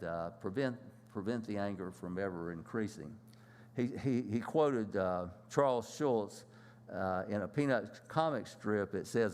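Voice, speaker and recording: A man gives a church lesson in a low voice, pausing often and restarting his sentences. His voice carries a long reverb from a church hall. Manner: plain, halting, many fillers and restarts. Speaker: church class teacher.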